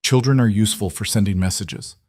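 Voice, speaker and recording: A man voicing a calm, menacing mafia boss. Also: fairly low pitch, breathy edge, no room sound, clean studio sound. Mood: cold calm. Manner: calm, measured, quietly threatening. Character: cold, commanding mafia boss man, about forty.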